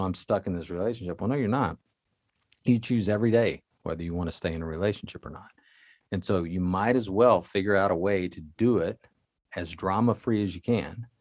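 A man with a very low, deep voice gives relationship advice in a motivational talk. He coaches earnestly and speaks straight to his listeners. The sound is dry and close, with no room echo. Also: a little mellow.

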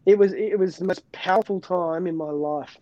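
A man's voice: sits high, normal speed, dark tone, no room sound, lo-fi sound. A man, a pastor, giving an earnest personal faith testimony in an interview, often restarting and repeating words.

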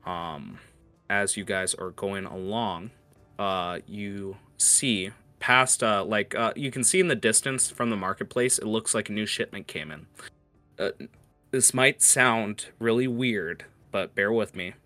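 A man's voice: fairly low pitch, unhurried, bright, forceful tone, no room sound, faint music behind. A man narrating as game master of a tabletop game, hesitant with many fillers.

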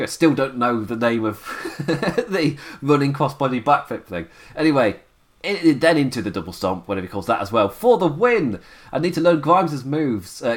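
A man's voice: mid-range voice, fairly bright tone. A young man, his voice worn down and a little tired, recapping wrestling in a rambling, chuckling solo podcast chat full of fillers. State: voice worn down, sipping tea.

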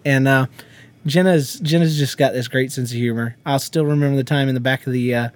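A man's voice: medium pitch, brisk. A man, co-hosting a casual podcast and telling stories, acting out quotes and laughing often. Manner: laughing storyteller who acts out quotes and sings nonsense beats. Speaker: podcast co-host. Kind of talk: casual chat.

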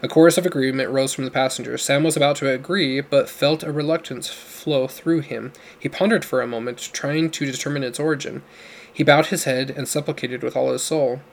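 A man reading a novel aloud in a steady, measured narration. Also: mid-range voice, vocal fry, a little hiss or hum. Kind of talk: audiobook narration.

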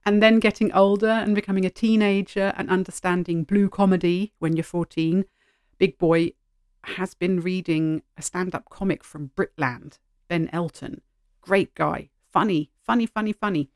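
A middle-aged woman hosting a solo podcast, talking in an animated, heartfelt way from behind a microphone at home. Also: fairly low pitch, normal speed, no echo, studio quality. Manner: animated, heartfelt, gently emotional. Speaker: podcast host. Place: sitting at home. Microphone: studio microphone.

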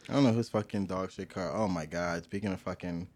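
A man's voice: sits low, fairly even intonation, fairly quick, a little mellow. A man telling a story in a casual podcast chat, laughing often and acting out noises. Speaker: podcast co-host.

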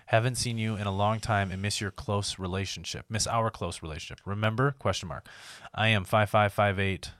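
A man voicing a lonely, slightly creepy 55-year-old man, reading a personal ad aloud in a slow, low-key, lingering drawl. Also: fairly even intonation, a bit bright, no room sound, studio quality, natural voice.

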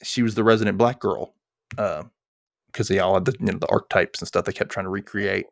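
Talking fast in a deep, creaky voice, a man hosts a podcast and chats loosely through an episode recap. He's animated, shouting out the characters' lines as he acts them. The studio sound is clean, with no room sound.

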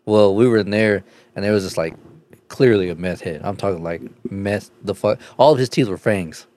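A man's voice: lowish voice, moderate pace, a little mellow. A man co-hosting a podcast, telling a story casually with lots of swearing. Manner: profane storytelling, laid-back. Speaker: podcast co-host.

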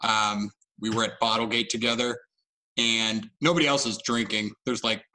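A man's voice: on the low side, steady tone, normal speed, bright, forceful tone, poor audio. A young man co-hosting a podcast, telling a story in a casual, self-mocking way. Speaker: podcast co-host. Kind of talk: casual chat.

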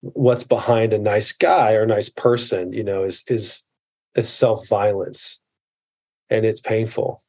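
A man's voice: fairly low pitch, fairly even intonation, unhurried, darkish tone. A man in his thirties, a podcast guest and medical provider, talking in an earnest, reflective way and often restarting his sentences. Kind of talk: casual conversation.

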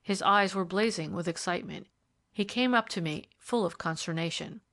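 A woman's voice: normal speed, a bit bright. Woman reading a Victorian mystery aloud. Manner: lifts pitch and volume for quoted characters. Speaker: audiobook reader. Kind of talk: scripted narration of a Victorian mystery.

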